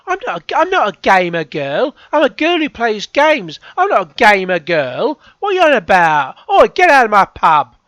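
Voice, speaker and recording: A man's voice: sits high, wildly swooping pitch, normal speed, hardly any pauses, a bit bright, no room sound, voice pushed up, full character voice. A man voicing a mocking, indignant young woman gamer in an exaggerated Cockney accent. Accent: put-on Cockney.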